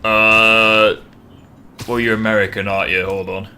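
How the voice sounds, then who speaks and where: A man's voice: lowish voice, level tone, unhurried, bright, forceful tone, clean tone. A man hosting a casual gaming stream, joking and bantering with chat. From England (York). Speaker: streamer host.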